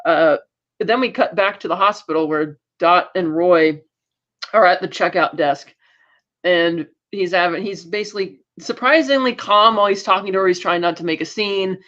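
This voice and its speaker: A man's voice: sits high, pushed and bright, lo-fi sound. A man co-hosting a podcast, retelling an episode in casual chat and quoting the characters as he goes. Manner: brisk retelling with acted quotes. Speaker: podcast co-host.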